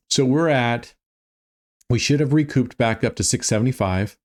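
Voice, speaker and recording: A man with a mid-range voice talks casually through roulette bets, thinking out loud. He sounds tired and yawning, and his chat is full of small ums and restarts as he works things out. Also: mid-range voice, normal speed. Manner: chatty, thinks aloud, frequent um and restarts. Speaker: online roulette streamer. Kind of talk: casual walkthrough of betting strategies.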